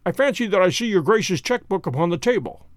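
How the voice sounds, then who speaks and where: Cool, unbending detective, done by a man, measured, bright and lively. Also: high voice, no echo. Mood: triumphant. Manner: cold, measured and deliberate. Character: cool, inexorable male detective, middle-aged.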